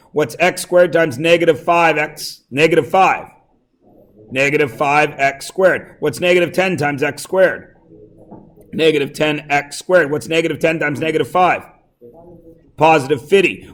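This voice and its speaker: High-voiced joking math teacher. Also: male voice, normal speed. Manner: quizzing, joking asides. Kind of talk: classroom lesson. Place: classroom.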